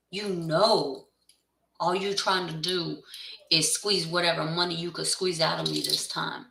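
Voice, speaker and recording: Blunt, gravelly tarot reader ranting. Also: medium pitch, steady tone, measured pace, sharp tone, distant mic. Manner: blunt and profane; heated, insistent. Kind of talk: casual direct-to-camera rant. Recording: echoey room, voice away from the mic.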